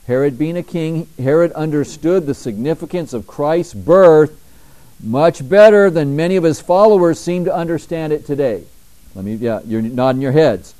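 A male pastor delivers a sermon in church with a warm, mellow tone. He reads scripture slowly and forcefully, climbing in pitch on key words. Between verses he drops into quieter, conversational asides. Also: animated, rough recording.

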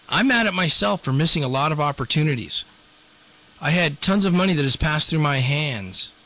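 A man's voice: mid-range voice, bright, forceful tone, lo-fi sound. Blunt, scolding male talk-show host. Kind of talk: ranting talk-show monologue.

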